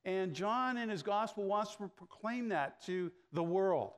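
A man's voice: high voice, expressive, unhurried. A middle-aged man from Canada, a pastor giving a conversational sermon full of anecdotes and "uh" fillers. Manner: storytelling, frequent "uh" fillers, acts out dialogue.

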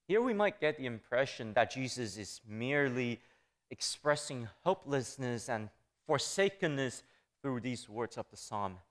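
A man preaching a sermon on scripture. He reads the verses aloud and lifts his pitch emphatically on the quoted lines.

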